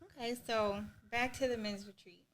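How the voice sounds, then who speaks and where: A woman's voice: fairly high pitch, steady tone, moderate pace, fairly bright tone. A woman hosting a faith podcast, asking questions attentively and prompting her guest with short affirmations. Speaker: podcast host. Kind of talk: interview questions.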